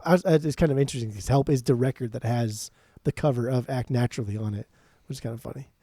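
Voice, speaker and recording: A man in loose podcast chat, swearing often and arguing his opinions with lively energy. His voice is dark and mellow, and it is recorded dry and close. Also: mid-range voice, fast, dry recording. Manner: animated, profane, opinionated. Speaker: podcast co-host. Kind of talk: casual music chat.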